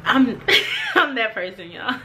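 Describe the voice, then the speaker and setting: A young woman recounts a story to her viewers in an animated, chatty way. Her voice sits high and sounds bright and sharp. A faint background hum runs underneath. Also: slow pace. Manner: animated, acts out quotes. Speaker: vlogger. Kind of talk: storytime vlog.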